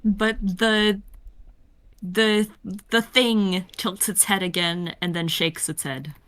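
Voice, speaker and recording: A woman acting as game master who narrates the scene and calls for dice rolls in a relaxed, playful way. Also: medium pitch, slow pace.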